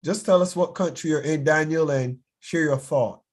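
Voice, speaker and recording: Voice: mid-range voice, normal speed, heavy background noise. Impassioned bishop urging a youth class. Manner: urgent, repeats words while pressing a point. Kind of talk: impassioned sermon-like teaching.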